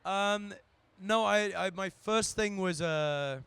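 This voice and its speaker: A man's voice: high-pitched, slow, fairly bright tone, smooth. A man, a guest actor, chatting and telling anecdotes at a live stage event, sometimes putting on silly voices. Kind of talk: casual stage interview.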